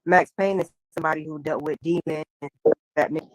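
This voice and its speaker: A woman casually telling a long personal spiritual story, animated, full of slang and acted-out dialogue. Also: sits low, fairly quick, no echo, low-quality recording.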